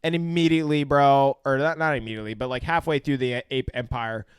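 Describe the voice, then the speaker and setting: A man's voice: medium pitch, fairly quick, clear, resonant tone, dry recording, clean studio sound. A young man co-hosting a podcast, casually recapping a film with lots of swearing and acted-out lines. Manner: profane, animated, acts out scenes in quoted voices. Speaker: podcast co-host. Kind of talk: casual movie review chat.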